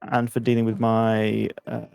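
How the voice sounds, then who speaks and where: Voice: mid-range voice, completely flat delivery, measured pace, creaky, darkish tone, clean tone, no room sound, faint music behind. A host of a live tabletop game stream, joking and making puns as the stream closes. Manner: jokey, punning, laughs often. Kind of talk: casual stream chat.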